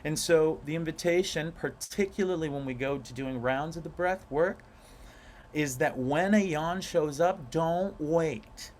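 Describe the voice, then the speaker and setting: A man teaching a guided breathwork class in a playful, animated way, stretching out key words for emphasis. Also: on the high side, moderate pace, slight background noise. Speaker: breathwork instructor.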